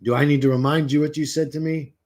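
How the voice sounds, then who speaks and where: A man's voice: on the high side, fairly even intonation, quick pace, darkish tone. A man hosting a livestream, chatting casually with viewers in a rambling, profane, joking way. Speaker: livestream host. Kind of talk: casual chat reading viewer comments.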